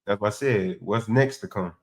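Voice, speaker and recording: Low-voiced male host, easygoing and slangy, asks viewers for their opinions. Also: moderate pace. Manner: laid-back, agreeing, slangy. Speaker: show host. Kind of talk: casual commentary.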